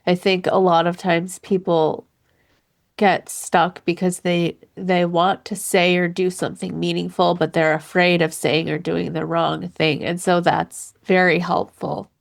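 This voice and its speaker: A woman hosts a podcast interview, her voice low-ish, gravelly and fairly flat in pitch. She answers her guest with appreciative responses. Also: a little slow. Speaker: podcast host. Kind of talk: interview hosting.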